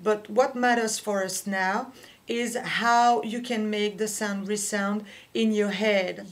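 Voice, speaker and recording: A woman whose first language is French, teaching a singing lesson and explaining slowly and carefully with small pauses. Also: medium pitch, steady tone. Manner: slow, careful explaining with fillers. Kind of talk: vocal lesson with sung demonstrations.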